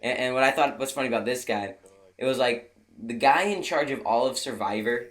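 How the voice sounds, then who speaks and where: A man's voice: medium pitch, brisk, a bit bright. A young man telling a rambling travel story in a casual way, full of restarts and fillers, laughing at his own jokes. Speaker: video creator.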